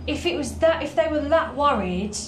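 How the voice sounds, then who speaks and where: A woman's voice: high voice, expressive, normal speed, roomy sound. A young woman chatting casually as a vlogger while walking outdoors, laughing easily. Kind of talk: casual chat. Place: outdoors at a resort, walking and riding a cable car. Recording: noisy outdoor phone recording.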